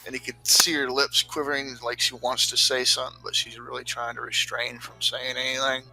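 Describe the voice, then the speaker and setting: A man's voice: mid-range voice, flat delivery, a little fast, vocal fry, bright, forceful tone, a little hiss or hum. A man narrating a tabletop game as game master, loose and rambling with many fillers.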